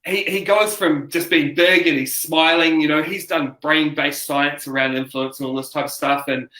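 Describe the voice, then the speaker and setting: A New man speaks as a guest in a relaxed interview, retelling stories with lots of energy and plenty of false starts. His voice sits on the higher side for a man. The room is roomy and echoey around him. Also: moderate pace. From New Zealand. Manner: animated storyteller, acts out quotes, many restarts. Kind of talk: casual interview chat. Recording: roomy echo.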